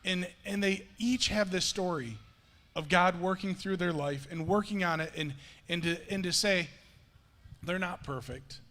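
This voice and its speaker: A pastor delivers a conversational sermon in a church sanctuary, telling stories animatedly while stumbling and restarting often. His voice is a little higher than most men's, at a measured pace, and the hall adds a long, ringing reverb.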